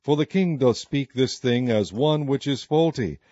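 Male narrator, dark, mellow tone, measured scripture reading, dry and slightly dull audio. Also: mid-range voice, no echo. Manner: steady, measured King James reading.

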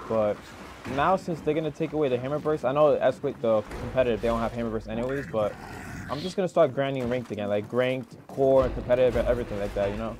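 A young man in mid-range pitch narrates his own gameplay live, rambling and excitable, cursing often. A faint hiss of noise sits under his voice. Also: quick pace. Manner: excitable, swearing, rambling with many fillers. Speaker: gaming streamer.

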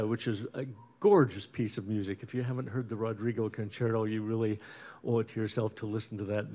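A middle-aged man from Utah, a bandleader and guitarist, chatting casually between tunes at a concert in an easygoing, rambling way with many pauses and restarts. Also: mid-range voice, a little mellow. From Utah, USA. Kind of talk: casual stage banter introducing a concert. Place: indoor concert stage.

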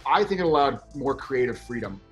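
A man's voice: mid-range voice, expressive, fairly quick, fairly bright tone, soft background music. Earnest male actor in an interview. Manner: earnest, heartfelt. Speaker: actor, series lead. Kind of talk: reflective interview.

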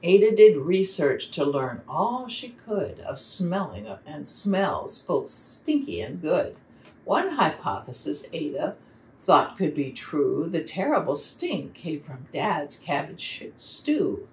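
Woman reading verse and a picture book to children, slow and expressive, lower voice, roomy distant sound. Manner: slow, expressive read-aloud delivery. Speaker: children's program facilitator.

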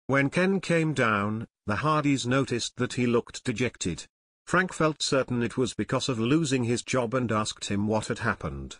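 A man narrating an audiobook in an even, clear storytelling manner. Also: mid-range voice, unhurried, dry recording, studio quality. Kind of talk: scripted narration.

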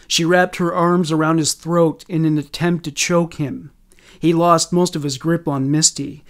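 A man narrating a true story in a steady, measured way. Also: on the high side. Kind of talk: scripted narration.

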